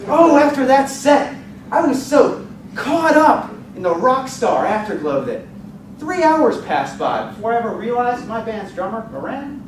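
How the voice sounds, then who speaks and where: A man giving a dramatic storytelling speech at a contest, telling it with vivid, expressive delivery. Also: extremely high pitch, unhurried. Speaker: contest speaker. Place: contest hall stage. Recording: echoey hall, distant mic, noisy.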